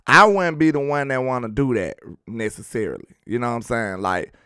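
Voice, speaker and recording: A man's voice: medium pitch, expressive, brisk, pushed and bright, smooth, no echo, clean studio sound. A man hosting a casual sports livestream, reading chat comments aloud with laid-back slangy banter and frequent laughs. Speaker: sports talk livestream host.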